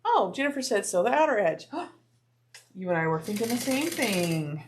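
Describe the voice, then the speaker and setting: A woman's voice: mid-range voice, big pitch swings, brisk, slight background noise. A woman hosting a live sewing stream from a home crafting room, chatting casually with viewers as she works. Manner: chatty, drops to soft asides, playful voices. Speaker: livestream host sewing bags.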